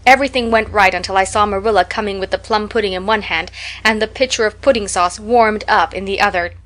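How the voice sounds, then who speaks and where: A talkative, imaginative young orphan girl, as a woman narrator puts her on, spills out her tales in a breathless, dramatic rush. She sounds like a storybook heroine who never stops dreaming aloud, at a middling pitch. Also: fast, a bit bright, natural voice. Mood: gushing.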